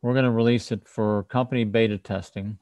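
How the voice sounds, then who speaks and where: A man's voice: on the low side, fairly even intonation, brisk, darkish tone, no room sound. A man hosting a casual livestream tech talk over a video call, explaining things and often restarting his sentences. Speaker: host, firmware developer.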